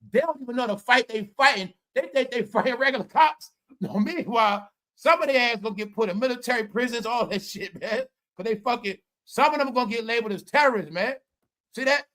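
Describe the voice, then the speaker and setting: A man's voice: high-pitched, sharp tone. A man hosting a podcast livestream, ranting in casual commentary, profane and mocking, laughing often. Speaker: podcast host.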